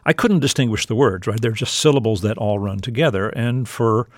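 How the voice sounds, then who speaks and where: A man's voice: on the low side, a little fast, no echo, studio quality. A man hosting an interview, curious and conversational as he sets up questions for his guest. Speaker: interviewer host.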